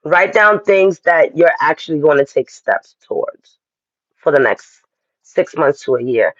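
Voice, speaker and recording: A man's voice: on the high side, expressive, measured pace, no echo, dull audio. A man giving a casual astrology and tarot reading, talking straight to his viewers in a chatty, direct way.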